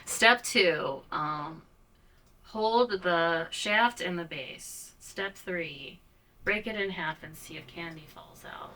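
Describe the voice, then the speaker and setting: A woman from Ohio hosting an awkward comedy interview, speaking haltingly and deadpan with many fillers. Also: fairly low pitch, distant mic, low-quality recording.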